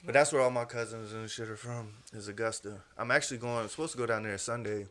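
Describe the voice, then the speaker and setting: A man's voice: mid-range voice, steady tone, fast talker, a bit bright. A man in his thirties hosting a podcast in casual chat, laid-back and rambling. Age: 30s. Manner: laid-back, rambling, says "you know what I'm saying". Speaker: podcast host.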